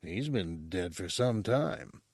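A man's voice: low-pitched, lively intonation, slow, a little mellow, husky, no echo, studio quality, exaggerated voice. A man doing a wary, muttering young man.

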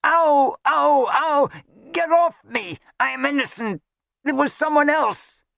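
A shrill, pop-eyed rogue squeals far above a normal man's voice. He whines and blusters with pompous outrage. The recording is close and dry, with no room sound. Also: big pitch swings, takes it slowly, vocal fry, bright, forceful tone, slightly rough, dry recording, heavily acted. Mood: panicked shrieking. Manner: shrieking, whining, pompous.

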